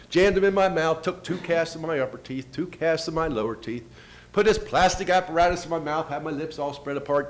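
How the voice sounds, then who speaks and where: A man giving a first-person storytelling talk, retelling events with quoted dialogue and lively shifts in pitch and loudness. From United States. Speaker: invited speaker.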